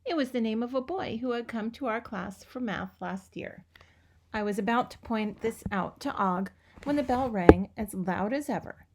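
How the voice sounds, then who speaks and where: Reader: woman, mid-pitched, expressive children's-book narration. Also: normal speed. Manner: expressive, lively storytelling. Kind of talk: reading a children's book aloud.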